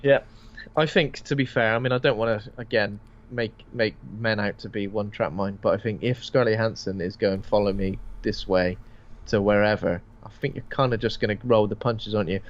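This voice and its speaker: Brisk and on the low side, this chatty horror podcast co-host swears without restraint while casually discussing films. He acts out bits of dialogue in a raised voice, and the recording comes across dull and lo-fi.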